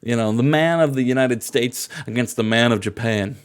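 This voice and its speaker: A man's voice: mid-range voice, normal speed, clear, resonant tone. A man recapping a game playthrough with a co-host in casual, playful, laughing commentary. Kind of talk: casual let's-play commentary.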